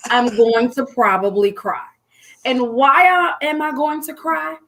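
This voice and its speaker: High-pitched female host, 40s, bubbly animated storyteller. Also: a little slow. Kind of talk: excited casual chat.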